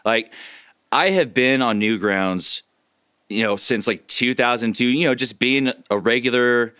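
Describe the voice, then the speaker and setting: A man talks loosely on a podcast, dropping casual swears. His voice is bright and smooth. The sound is dry and close to the mic. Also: mid-range voice, unhurried, no room sound. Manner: laid-back, swears freely, laughs often. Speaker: podcast co-host and voice actor.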